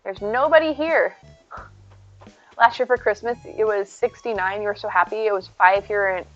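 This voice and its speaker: A woman's voice: medium pitch, normal speed, muffled recording, soft background music. A woman streaming from home, chatting casually and rambling to her viewers, reading and answering their messages by name. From United States. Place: home, indoors.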